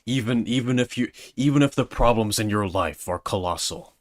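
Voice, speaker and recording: A man's voice: on the low side, no echo, studio quality, close to an everyday voice. A man doing an earnest young soldier. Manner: earnest, halting pep talk. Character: earnest young male soldier giving a pep talk.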